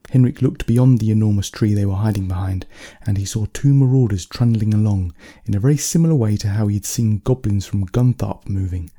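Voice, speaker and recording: A man reading a bedtime story aloud in a calm, measured, soft-spoken way. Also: lowish voice.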